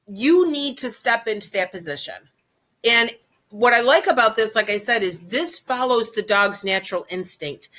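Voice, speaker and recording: A woman with a mid-range, slightly bright voice talks through dog training in a casual, chatty way. She often repeats herself and checks in with "okay?" as she instructs informally.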